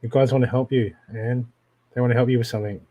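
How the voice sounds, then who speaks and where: A man's voice: mid-range voice, fairly even intonation, fast talker, husky, narrow, tinny audio. A man with an Australian accent, giving direct intuitive readings on a live stream and often checking in with the viewer. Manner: direct, keeps checking in with "okay?". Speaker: intuitive reader.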